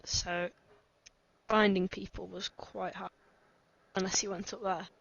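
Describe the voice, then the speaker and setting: A woman guest in a casual podcast chat, soft-spoken and self-deprecating, laughing often. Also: medium pitch, level tone, measured pace, creaky, breathy edge. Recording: dry, dull lo-fi voice chat.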